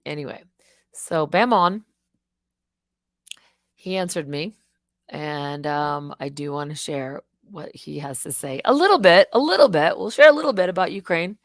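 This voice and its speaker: A woman live streaming, chatting casually in an excitable, rambling way, swearing and laughing often. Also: deep voice, unhurried, long pauses, dry recording.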